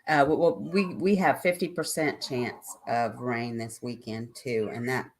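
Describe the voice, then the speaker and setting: A woman's voice: rumbling low, fairly even intonation, measured pace, slightly rough. An older woman hosting a live stream, chatting casually and ramblingly with her viewers and answering their comments.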